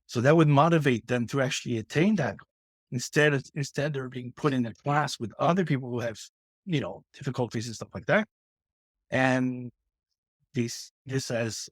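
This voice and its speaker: A man's voice: medium pitch, moderate pace, husky, dry recording. A middle-aged man from Canada, a guest author speaking earnestly in a casual interview, with many restarts and fillers.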